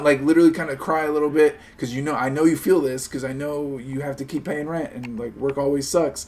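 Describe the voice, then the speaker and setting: A man hosting a live stream, chatting casually and talking a friend into things in an animated, persuasive way, swearing freely and acting out little pleading voices. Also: fairly high pitch, quick pace, hardly any pauses, a little hiss or hum. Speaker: streamer host.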